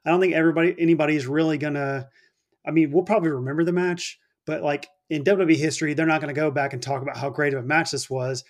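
A man with a slightly high voice. He talks easily on a casual podcast, hedging often with "like" and "you know.". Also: steady tone, fast talker. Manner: easygoing, hedging. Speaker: podcast co-host. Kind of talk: casual wrestling chat.

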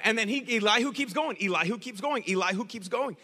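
A man preaching a sermon in a casual, slangy, animated storytelling way. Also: sits high, fast talker, big-room sound.

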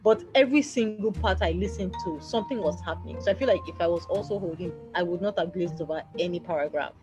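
A woman's voice: fairly low pitch, fast. A young woman with a Nigerian accent hosting a podcast, chatting animatedly about books with laughter and trailing asides. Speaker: podcast host. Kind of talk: casual chat about books. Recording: dull lo-fi sound with faint music.

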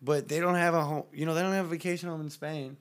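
Profane, animated podcast guy. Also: on the high side, fast talker. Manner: profane, animated storytelling with mocking quoted voices. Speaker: podcast co-host. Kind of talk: casual chat.

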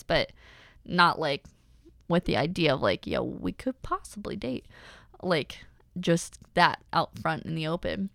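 A woman's voice: fairly low pitch, vocal fry, fairly bright tone, no room sound, studio quality. A young woman hosting a personal podcast, talking candidly and animatedly with many fillers. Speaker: podcast host.

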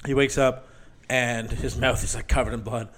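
A man's voice: mid-range voice, flat delivery, normal speed, a bit bright, a little hiss or hum. A man telling a dramatic personal story in casual chat, rambling with lots of "like" and restarts, emotional enough to get choked up. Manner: rambling, heavy use of "like", restarts often.

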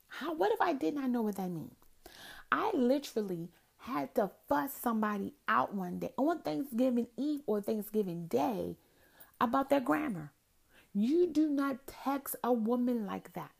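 This woman in her 40s has a creaky, high-ish voice and an unhurried pace. A vlogger, she delivers a sassy, animated, casual rant about dating and texting while tired and crampy.

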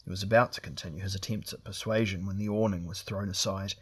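Husky low-voiced male narrator. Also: fairly even intonation, quick pace, fairly bright tone. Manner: reads dialogue with raised voices for characters. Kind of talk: audiobook narration.

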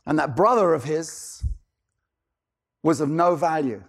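High-voiced man preaching a lively sermon. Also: a little slow. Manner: rhetorical questions, emphatic repetition. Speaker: pastor.

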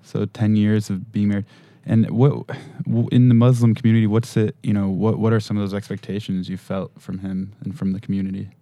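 A man interviewing a guest, asking steady questions and adding soft "mm-hmm"s. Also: lowish voice, fairly quick, few pauses, no echo. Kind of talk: podcast interview.

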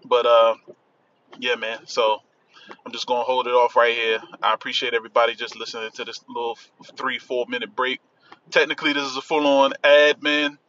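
A man's voice: mid-range voice, little pitch movement, fairly quick, sharp tone, highs cut off. A man with a Washington, D.C. accent hosting a podcast from inside his car, chatting loosely and repeating himself. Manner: loose, repetitive, keeps saying "man". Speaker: podcast host. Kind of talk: casual promo chat. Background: faint vehicle noise.

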